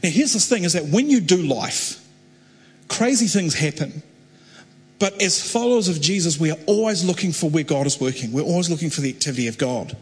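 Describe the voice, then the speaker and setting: A man's voice: fairly high pitch, expressive, slightly rough. Man preaching in a reverberant hall. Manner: conversational, halting restarts, building to fervent. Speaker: pastor. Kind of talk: sermon storytelling.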